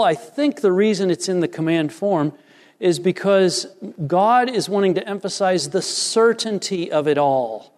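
A man's voice: high-pitched, animated, unhurried, long reverb tail. A man preaching a sermon, reading scripture and explaining it with earnest emphasis. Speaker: pastor.

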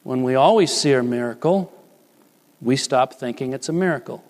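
A man preaching a sermon, animated and playful, acting out short voices of characters as he teaches. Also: mid-range voice, normal speed, big-room sound. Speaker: pastor.

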